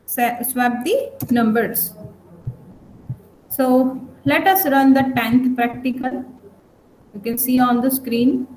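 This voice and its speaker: In an echoey room with faint background noise, a woman gives an online programming lecture, frequently checking that her students follow along. Her voice is high and slightly mellow. She talks slowly and pauses often.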